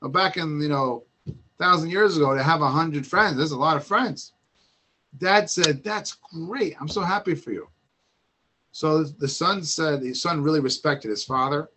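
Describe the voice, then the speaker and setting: Animated man telling a Torah story. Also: a little high, moderate pace. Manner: animated storyteller with restarts and asides.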